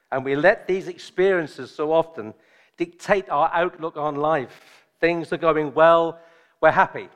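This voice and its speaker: A man preaching a sermon, joking and chatty with his congregation at first, then slow and solemn. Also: mid-range voice, fairly bright tone. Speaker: visiting preacher.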